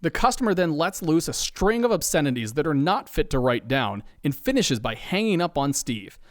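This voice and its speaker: Male narrator, mid pitch, animated, deadpan comic timing. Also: moderate pace, dry recording, clean studio sound. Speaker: podcast narrator. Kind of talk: scripted comedic narration.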